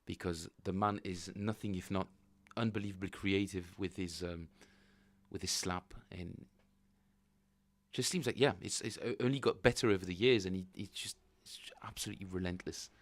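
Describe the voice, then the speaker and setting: Male streamer, slightly low voice, loose rambling chat with viewers. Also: steady tone, normal speed, no room sound. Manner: rambling, thinking aloud, chatting with viewers. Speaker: bass player streaming practice. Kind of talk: casual livestream chat.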